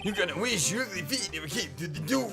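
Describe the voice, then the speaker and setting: A woman doing a gruff thuggish mob boss. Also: lowish voice, expressive, fast, music in the background. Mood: menacing. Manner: growling tough-guy slang, threatening. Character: gruff loud male mob boss, bullying.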